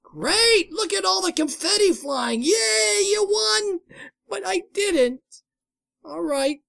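High-pitched gravelly guy yelling through a horror game, slow drawn out talk, music playing behind. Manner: excitable, jokey, exclaims and talks to himself. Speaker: gamer doing a playthrough. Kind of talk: let's play commentary.

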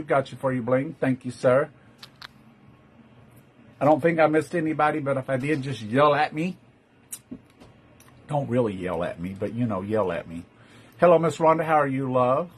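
A man's voice: medium pitch, a little hiss or hum. A man with a Texan accent hosting a live-stream jewelry sale, chatty, greeting viewers by name and calling them love. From Texas. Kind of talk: live-stream sales chat.

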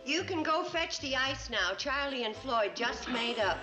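A woman's voice: high voice, lively intonation, measured pace, loud music behind the voice. An actress playing a motherly hotel owner who coaxes quarreling men to make up, heard on a dull old TV soundtrack. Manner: coaxing, motherly.

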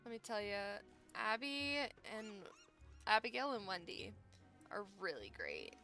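A young woman streams a game and talks to her chat in a playful, cutesy way. Her voice is bright and her pitch jumps around, and she takes her time over the words. Soft music plays behind her. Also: wildly swooping pitch, measured pace. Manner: playful, cutesy slang, often laughs and yawns. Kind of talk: casual gameplay commentary.

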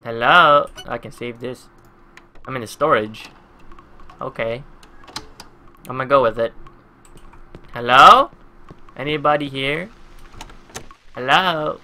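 The horror-game commentator, a New Jersey man in his twenties recording at his home gaming setup, has a mid-range, sharp-toned voice and takes things slowly, pausing often. Easily spooked, he swears constantly and yelps whenever something startles him.

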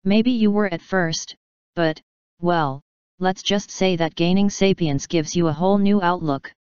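Woman reading as a calm wise story-being lady, earnest, lowish and clear. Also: unhurried, no echo, lo-fi sound, natural voice. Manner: earnest, reflective. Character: sentient female story narrative, calm and wise.

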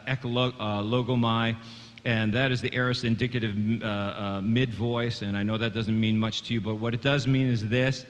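A man teaching scripture to a congregation with a bright, forceful voice, pausing on stacked fillers and restarts. His words trail off into a long hall reverb, as if heard across a church sanctuary. He calls on the listeners to follow and repeat after him. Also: medium pitch. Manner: earnest, stumbling on fillers and restarts; addresses a congregation, asks them to repeat. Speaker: Bible teacher. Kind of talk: sermon teaching.

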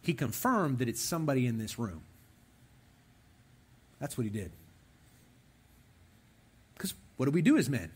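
A young man preaching a conversational sermon, animated and speaking directly to the men listening. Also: mid-range voice, unhurried, long pauses, a little hiss or hum. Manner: animated, talks straight to the men in the room.

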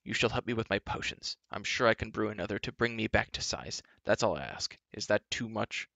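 Guy doing a whiny sniveling tiny giant, gravelly, storybook reading. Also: on the low side, animated, fairly quick, bright, forceful tone, no echo, exaggerated voice. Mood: pleading. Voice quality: sniffling, whining. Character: whiny shrunken male giant, sniveling and pleading. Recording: dull lo-fi recording.

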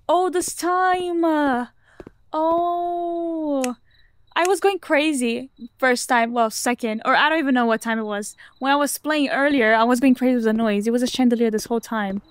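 A woman's voice: high-pitched, measured pace, clean tone. A woman chatting nervously to herself as she plays a spooky video game, commenting on each door and noise. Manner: chatty, jumpy, talks to herself. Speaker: gamer. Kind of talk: let's play commentary.

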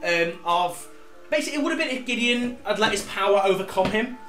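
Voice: mid-range voice, expressive, quick pace. A game master narrating a tabletop game, rambling with lots of fillers and restarts. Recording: roomy, distant, music behind.

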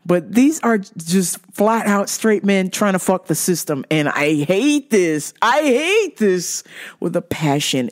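A woman's voice: lowish voice, expressive, measured pace. Fired-up profane woman podcast host. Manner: heated, profane, swings from yelling to muttering. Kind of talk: ranting podcast monologue.

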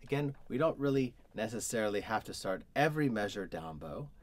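A man teaching a cello lesson, explaining bowing patterns step by step and pausing to demonstrate. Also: lowish voice, expressive. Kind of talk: instructional explanation.

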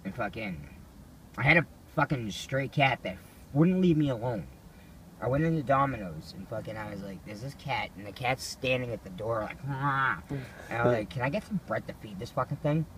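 A man in his ordinary middle register tells rambling, profane stories in a loose, offhand way. A faint hum of ambience sits behind him. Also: mid-range voice. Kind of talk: casual storytelling.

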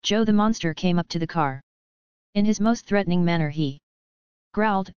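A very smooth, clean storyteller's voice reading a children's adventure in an even, measured way. The sound is dry and a little dull, close to the mic with no room around it. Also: mid-range voice, dry recording. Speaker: audiobook narrator. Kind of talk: scripted storybook narration.

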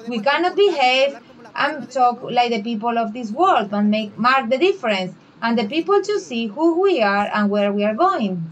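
Woman, co-pastor, sermon, second-language speaker, earnest, higher voice. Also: expressive, moderate pace, highs cut off. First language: Spanish. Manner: earnest preaching, acts out skeptics' questions in a raised voice.

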